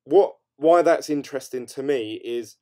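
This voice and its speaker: A man's voice: mid-range voice, moderate pace, mellow. A young man chatting casually on a livestream, rambling and upbeat, with lots of hedges and fillers as he reads out viewer comments. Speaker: crypto mining streamer. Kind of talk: casual late-night livestream chat, reading viewer comments.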